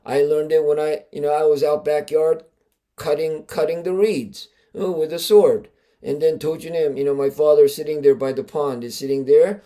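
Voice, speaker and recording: A man with a high-pitched speaking voice, a martial arts grandmaster hosting his own podcast. He tells stories casually and emphatically, with plenty of fillers and restarts. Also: steady tone, moderate pace, warm tone. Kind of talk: casual storytelling.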